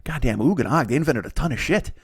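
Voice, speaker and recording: A man in his forties hosting a comedy podcast, riffing through a profane, excitable monologue. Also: mid-range voice, fast, breathy edge, no room sound, clean studio sound. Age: 40s.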